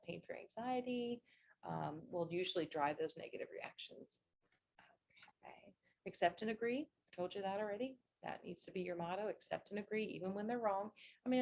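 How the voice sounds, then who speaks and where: A woman's voice: on the low side, creaky, darkish tone. A woman who works as a nurse, giving a chatty, down-to-earth informal talk over a video call, full of asides. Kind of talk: informal presentation. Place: virtual meeting. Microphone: video call mic.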